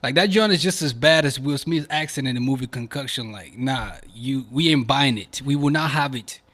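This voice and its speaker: A young man from Africa hosting a podcast, chatting casually to viewers in animated slang. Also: mid-range voice, normal speed. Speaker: podcast host. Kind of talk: casual video commentary.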